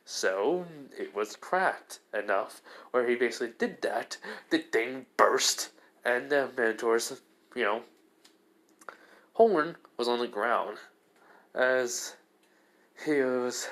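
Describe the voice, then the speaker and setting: A man's voice: mid-range voice, a little slow, fairly bright tone. A man casually retelling a fan-made story, rambling with many fillers and restarts.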